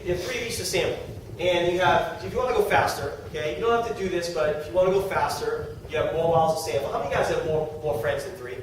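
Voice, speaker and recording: Middle-aged guy doing a sales pitch to a room, joking around, loud background noise. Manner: animated and joking, talks to the audience. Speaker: sales presenter. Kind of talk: live sales presentation to a room. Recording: echoey room from far off with noise.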